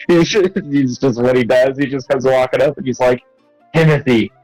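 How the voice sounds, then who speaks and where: A man's voice: mid-range voice, brisk, a little mellow, dry recording, faint music behind, poor audio. A man playing a tabletop role-playing game, talking hesitantly with many fillers and frequent laughs. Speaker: player. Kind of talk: tabletop role-play, casual.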